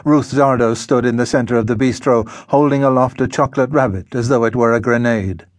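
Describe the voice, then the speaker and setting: A man narrating a novel in a measured, unhurried way. His pitch is mid-range and even. The studio sound is dry and close. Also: no echo. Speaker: audiobook narrator. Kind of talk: scripted narration. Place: recording studio.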